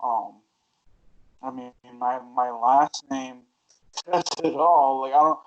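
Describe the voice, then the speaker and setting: A man co-hosting a podcast in casual chat, soft-spoken and halting with fillers. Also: mid-range voice. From Hispanic family. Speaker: podcast co-host. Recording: dull lo-fi sound.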